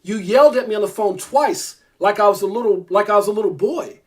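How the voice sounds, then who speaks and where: Fast-talking, irritated man ranting. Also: sits high. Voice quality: fast, emphatic, repeats himself. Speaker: crypto YouTuber. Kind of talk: heated rant to camera.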